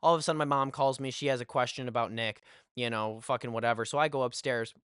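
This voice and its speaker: A young man hosting a podcast, telling a storytime monologue in an animated, profane way with lots of fillers. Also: medium pitch, fast talker, smooth, no echo, studio quality. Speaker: podcast host.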